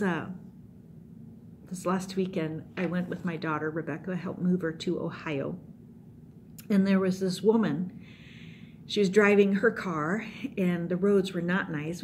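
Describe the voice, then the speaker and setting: A middle-aged woman giving an animated youth sermon, telling stories and acting them out. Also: fairly low pitch, a little hiss or hum. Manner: animated, acts out scenes with voices. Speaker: youth pastor.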